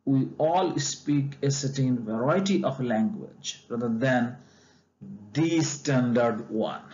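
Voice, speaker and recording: A man walks through a textbook chapter at an unhurried, careful pace, stopping often for fillers and restarts. His voice sits in a middle register. The recording is somewhat dull and lo-fi. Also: mid-range voice, darkish tone. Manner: slow and deliberate, frequent fillers and restarts. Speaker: lecturer.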